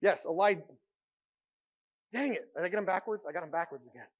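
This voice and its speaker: High-voiced man preaching an animated sermon. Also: fairly quick, muffled recording. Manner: animated storytelling, drops to a hushed voice for quiet moments. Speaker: pastor.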